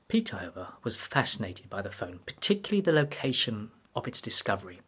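A male author reading his own murder mystery aloud, measured and wry. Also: on the low side, very animated, sharp tone, breathy edge.

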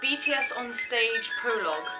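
A woman chatting casually and gushing excitedly as she reacts to a video at home. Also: fairly high pitch, moderate pace, over loud music, low-quality recording. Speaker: reaction vlogger.

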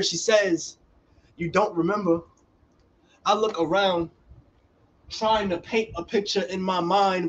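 A young man delivers a spoken word poem with dramatic, rising intensity. His voice sits a bit high for a man, and a faint background noise lies under the recording. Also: poor audio. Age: young adult. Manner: relaxed casual chat after the poem.

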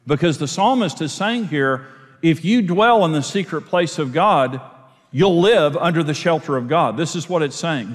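Earnest man preaching in a hall. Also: a little high. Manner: earnest, emphatic, repeats phrases for emphasis. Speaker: pastor. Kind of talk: sermon teaching.

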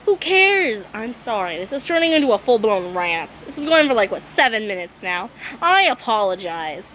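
A woman's voice: a little high, sing-song, normal speed, fairly bright tone, a little hiss or hum, poor audio. A young woman vlogging a rant, exasperated and swearing, apologizing often and losing her voice. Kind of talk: ranting vlog monologue.

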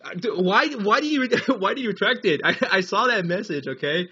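A man's voice: high-pitched, expressive, fairly quick, pushed and bright, husky, dull audio. A young American man chatting on a casual live gaming stream, rambling, laughing often and reading chat aloud. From United States. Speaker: livestreamer.

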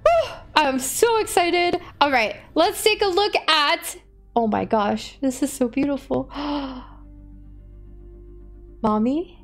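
A young woman streamer gushing over a game's new character looks, gasping and squealing with excitement, with music playing in the background. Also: sits high, measured pace. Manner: gushing, squealing, frequent gasps and shouts. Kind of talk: excited gaming stream chat.

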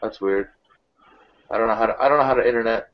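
A man's voice: on the low side, quick pace, noisy background. A man hosting a live video hangout, laughing hard and swearing freely. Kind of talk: casual chat. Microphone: video call. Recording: slightly dull video call audio.

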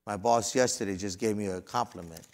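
Gravelly-voiced preaching man. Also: on the low side, a little fast. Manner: swings from loud fervent preaching to quiet storytelling; folksy, conversational asides. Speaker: pastor. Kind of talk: sermon.

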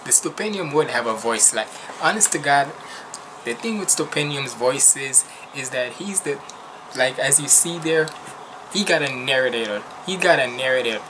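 A man's voice: medium pitch, expressive, normal speed, background noise. Rambling, slangy man hosting reactions. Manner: rambling, loose and slangy, with restarts. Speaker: reaction channel host. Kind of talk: casual reaction commentary.

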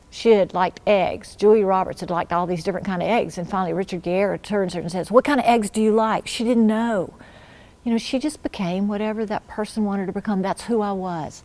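A woman with a mid-range voice gives a personal faith testimony at church, telling her story earnestly and dropping to a hush when she quotes her prayers.

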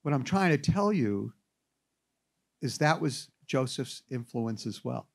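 A man's voice: mid-range voice, slow pace, creaky. A man giving an anecdotal classroom lecture, telling stories with wry asides. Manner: animated storyteller with wry asides.

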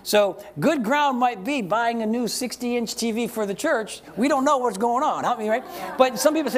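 A pastor with an extremely high voice preaches a call-and-response sermon to his congregation during a church service. He is emphatic, fires rhetorical questions at the listeners, and slows down to read scripture aloud.

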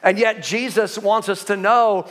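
Middle-aged male pastor with a high voice, preaching with earnest emphasis. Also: fairly even intonation, a bit bright. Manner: earnest, emphatic preaching with slowed stressed phrases. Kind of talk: sermon.

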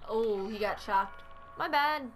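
Speaking slowly in a slightly high voice, a woman who hosts a gaming channel chats casually while playing a video game, giggling and throwing out playful exclamations. Soft music plays in the background.

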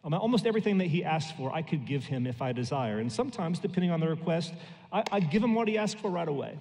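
An American pastor in his thirties delivers a sermon, telling homey stories with quick, lively asides. His voice sits fairly high for a man. The sound rings with the long reverb of a church hall. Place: church sanctuary.

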